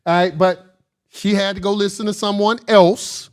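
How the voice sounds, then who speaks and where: High-voiced, blunt man riffing on scripture. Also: fairly even intonation, moderate pace, clean tone. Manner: blunt and emphatic, reads verses aloud, laughs often. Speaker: commentator reading and discussing scripture. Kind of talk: casual spoken commentary.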